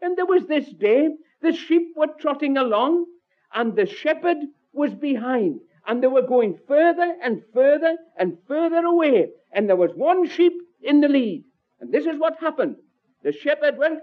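Brief: male preacher, high lively voice with big swoops, tinny phone-like sound. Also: slight background noise. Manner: swooping pitch, drops low and soft at line ends, slows on scripture. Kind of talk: sermon with storytelling.

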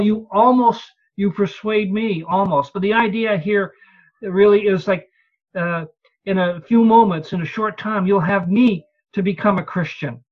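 A preacher giving an expository evening sermon in a conversational way, reading scripture aloud and asking the listeners rhetorical questions. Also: mid-range voice. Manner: reads and explains scripture aloud. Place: evening church service. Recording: slightly dull lo-fi recording.

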